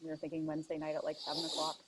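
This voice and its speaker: A Canadian woman co-hosting a casual live-stream chat, relaxed and thinking out loud, swearing in jest. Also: low voice, very fast, a little hiss or hum, poor audio. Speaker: podcast co-host.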